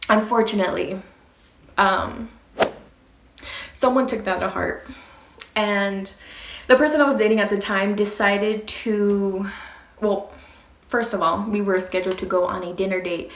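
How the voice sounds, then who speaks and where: A young woman vlogger telling a casual storytime, animated and swearing freely as she acts out what people said. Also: mid-range voice, measured pace, long pauses, echoey room, a little hiss or hum.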